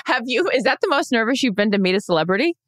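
A woman's voice: a little high, sing-song, fast, no echo. A woman co-hosting a casual chat show, chatty and reassuring toward her friend. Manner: reassuring, chatty, laughs along. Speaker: podcast co-host.

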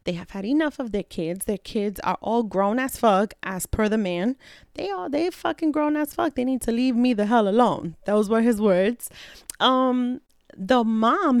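A young adult woman hosting a podcast, telling a story in a casual, profane, animated way and acting out the people she quotes. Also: fairly high pitch, moderate pace, no room sound, clean studio sound. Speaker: podcast host.

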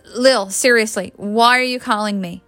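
A woman's voice: on the high side, steady tone, normal speed, fairly bright tone, no room sound, natural voice. A woman reading the lines of a flustered, defensive young man in a storybook. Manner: sputtering, defensive.

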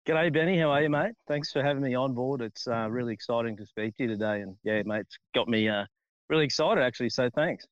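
Friendly Australian chef guest calling in from a farm, relaxed, medium pitch, muffled lo-fi audio. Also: male voice, quick pace, no echo. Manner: friendly, laid-back, says mate a lot. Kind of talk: casual interview chat. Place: outdoors on a farm under a shady tree. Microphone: phone on a tripod on a ute.

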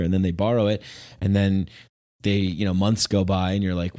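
A man hosting a podcast, talking in a loose, rambling monologue that turns sarcastic and animated. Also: low-pitched, a little fast. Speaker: podcast host.

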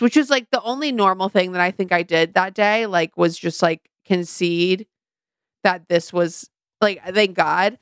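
A woman's voice: medium pitch, unhurried, fairly bright tone, clean tone, no room sound, clean studio sound. A young adult woman co-hosting a podcast, telling a candid, self-mocking story in casual chat, with plenty of fillers. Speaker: podcast co-host.

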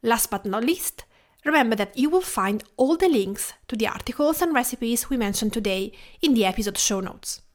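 A woman from Tuscany with an Italian accent, hosting her podcast in a gentle, reflective scripted narration. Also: a little high, lively intonation, moderate pace. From Tuscany, Italy. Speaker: podcast host.

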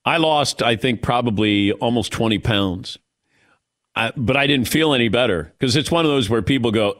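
A man's voice: mid-range voice, normal speed. A male radio show host telling a story in casual chat, acting out the quotes as he goes. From Irish heritage. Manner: animated storyteller, acts out quotes.

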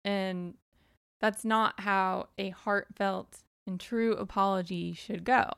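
Unhurried, gravelly-voiced woman giving frank advice. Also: mid-range voice, fairly even intonation, a bit bright, dry recording, clean studio sound. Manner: direct, frank, counts off numbered points. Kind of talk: casual advice talk.

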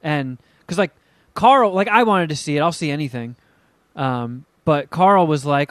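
A man's voice: on the high side, animated, a little slow, fairly bright tone, no echo. A man in casual podcast chat, teasing with crude jokes and telling rambling stories.

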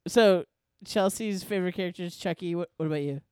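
A young woman hosting a casual podcast chat, chatty and quick to jump in. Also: fairly low pitch, a little mellow, smooth, no room sound, studio quality. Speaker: podcast host.

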